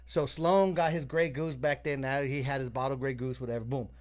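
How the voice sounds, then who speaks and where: A man telling a story on a casual podcast, animated and profane, acting out the voices of the people in it. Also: medium pitch, fairly quick.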